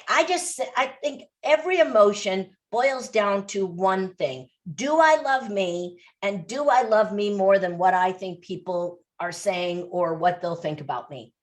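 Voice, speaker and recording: A woman speaking as a podcast guest, pressing her points home with animated, repeated phrases. Her voice sits at a middle pitch. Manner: emphatic, animated storytelling with repetition. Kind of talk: interview.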